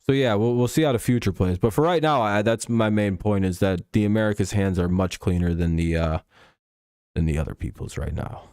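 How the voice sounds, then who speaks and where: A man's voice: lowish voice, a little fast, a little mellow, smooth, dry recording, studio quality. A man hosting a casual live stream, rambling and swearing freely, with chuckles and frequent restarts. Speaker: stream host.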